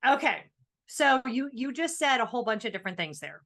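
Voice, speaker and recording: A woman co-hosting a podcast in casual chat, animated and thoughtful as she explains. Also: a little high, a little fast. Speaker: podcast co-host.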